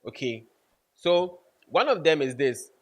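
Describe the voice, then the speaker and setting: A man's voice: a little high, sing-song, unhurried. Emphatic man coaching. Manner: emphatic, repeats key points, checks in with "okay?" and "right?". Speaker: vlogger giving networking advice. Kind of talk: casual instructional talk to camera.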